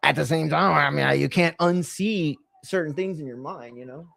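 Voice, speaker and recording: A man's voice: on the high side, moderate pace, creaky, fairly bright tone, no echo. A young man chatting casually through a wrestling watch-along, rambling with many fillers and casual swearing. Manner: rambling, profane, lots of fillers. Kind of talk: casual live chat.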